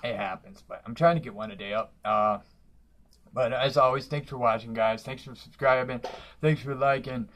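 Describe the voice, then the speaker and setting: A man's voice: mid-range voice, normal speed, a bit bright. A man, a stand-up comic, telling road stories in a casual vlog, rambling and swearing with lots of filler words.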